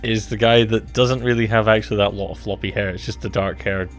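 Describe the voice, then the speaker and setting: A man's voice: lowish voice, steady tone, brisk, faint music behind. A man co-hosting a casual podcast chat about a TV series, rambling and self-deprecating, often restarting his sentences. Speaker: podcast co-host.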